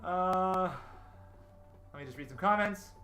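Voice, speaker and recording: A man's voice: sits high, measured pace, bright, forceful tone. A man hosting a casual livestream, thinking aloud as he storyboards and chatting with his viewers in a self-deprecating way. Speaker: livestream host. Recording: roomy echo. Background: faint game music playing.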